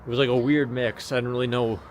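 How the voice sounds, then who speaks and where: Walking city streets at night, a livestream host chats and rambles casually with his viewers, speaking fast in a level, mid-range voice. The audio comes from a small handheld gimbal camera and carries the noise of passing traffic and the general street atmosphere.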